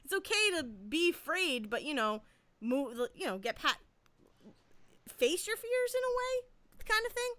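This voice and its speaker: A woman co-hosting a podcast, telling a story in a casual, animated way and laughing often. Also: very high voice, measured pace, pauses often. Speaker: podcast co-host. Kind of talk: casual chat. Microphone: podcast mic.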